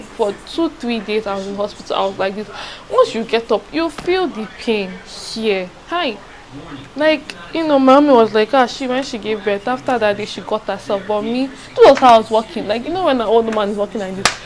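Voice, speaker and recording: A woman's voice: medium pitch, slight background noise, low-quality recording. A young woman tells a personal story in a casual, rambling, confiding vlog, repeating herself and checking in with her listeners. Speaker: vlogger.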